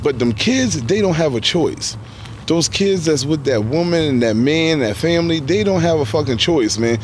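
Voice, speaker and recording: A man's voice: fairly high pitch, animated, normal speed, a little hiss or hum. Blunt, heavily cursing man ranting. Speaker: live streamer reacting to a video clip. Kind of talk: unscripted reaction commentary.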